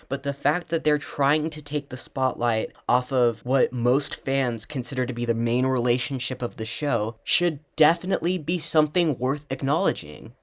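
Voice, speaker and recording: Passionate, excitable fan vlogger ranting at home. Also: mid-range voice. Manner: passionate, swears often, bursts into loud excited rants. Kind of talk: excited fan analysis vlog.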